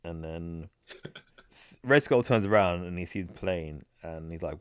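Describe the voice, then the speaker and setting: A man casually retelling a comic book plot as a podcast co-host, rambling and slipping quickly into characters' lines. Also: deep voice, clean tone, no room sound.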